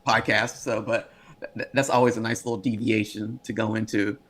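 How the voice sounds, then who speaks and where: A man hosting a podcast, asking his guest questions in a relaxed, steady way. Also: lowish voice, normal speed. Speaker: podcast host. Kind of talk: casual interview.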